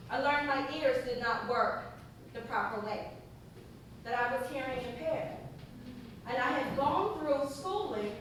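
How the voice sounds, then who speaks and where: A middle-aged woman from Louisiana delivers a motivational speech from a podium, her high voice carrying through a big, echoing hall. She is heard from a distance, with a faint rumble underneath, and tells her story earnestly, pausing between phrases. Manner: earnest storytelling with measured pauses. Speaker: keynote speaker. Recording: echoey hall from far off.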